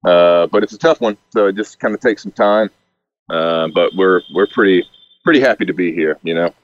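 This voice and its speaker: A man from Alabama with a Southern accent, a guest speaking haltingly with many restarts over a call. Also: low voice, dry recording. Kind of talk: casual interview over a call. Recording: dull call audio, dry.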